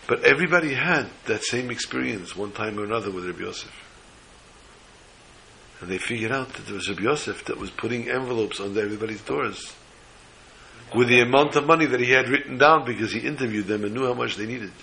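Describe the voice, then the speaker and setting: A man's voice: mid-range voice, quick pace, gravelly, a little hiss or hum, poor audio. A man telling a religious story as a sermon, acting out the characters' voices with feeling. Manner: animated storyteller voicing characters.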